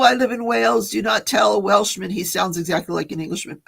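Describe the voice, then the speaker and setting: A woman's voice: mid-range voice, fairly even intonation, brisk, vocal fry, few pauses, slightly rough. A woman hosting a casual livestream chat, reading viewer comments and telling stories with frequent laughter. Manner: chatty, laughs often, storytelling. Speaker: livestream host.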